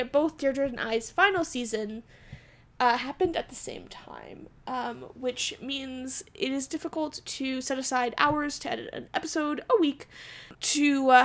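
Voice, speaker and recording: A woman's voice: high-pitched, fairly bright tone. A young woman from Alberta, co-host of a podcast, chatting in a bubbly way and laughing often. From Alberta, Canada. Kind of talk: casual chat.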